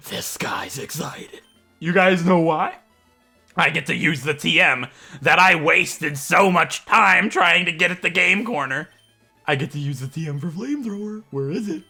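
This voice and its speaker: A man hosting a let's play, giving jokey, excitable commentary with mock game-show announcing. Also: fairly high pitch. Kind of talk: gameplay commentary.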